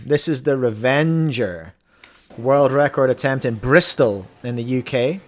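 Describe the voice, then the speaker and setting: A man's voice: medium pitch, unhurried. A married man, hosting a podcast and chatting casually as he reacts to videos with playful, jokey asides. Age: adult, married.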